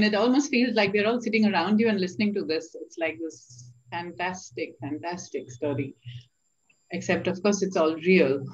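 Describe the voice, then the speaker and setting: A woman moderating an online talk, thanking the speaker with enthusiasm and gratitude. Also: on the low side. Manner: enthusiastic, grateful. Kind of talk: thanking the guest. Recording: dull, lo-fi sound.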